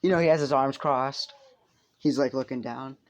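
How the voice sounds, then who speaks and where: A man's voice: mid-range voice, steady tone, moderate pace. Young guy rambling thru a fan story, lots of ums, swears, laughs at himself. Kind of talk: casual improvised storytelling.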